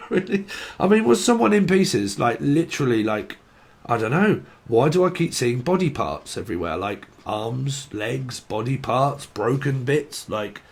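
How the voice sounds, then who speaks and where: A man's voice: mid-range voice, very animated, measured pace, vocal fry, husky. A man giving a rambling, comic tarot reading, swearing freely and acting out silly scenes. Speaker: tarot reader.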